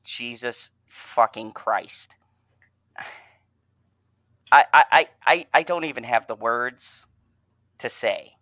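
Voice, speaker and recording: A man hosting a casual fan podcast, swearing and stammering, swinging between exasperation and excitement. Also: mid-range voice, slow pace, long pauses, dry recording, dull audio. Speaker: host.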